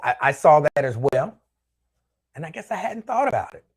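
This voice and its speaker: Very animated and a little high, with a breathy edge, this show host talks at normal speed. Alone on his show, he casually reads viewer comments, rambling loosely and repeating himself.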